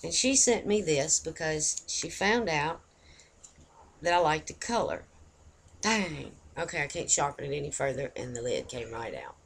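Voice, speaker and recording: Woman in her fifties, gravelly low voice, chatty and meandering casual talk to camera. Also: animated, moderate pace. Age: 50s. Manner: chatty, rambling and folksy. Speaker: vlogger.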